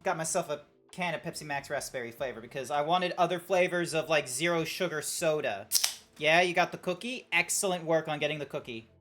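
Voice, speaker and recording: A woman's voice: low-pitched, fairly quick, a bit bright. An Australian woman streaming live, chatting casually with her viewers in a rambling, sweary way as she reacts to chat. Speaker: Twitch streamer. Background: faint background music.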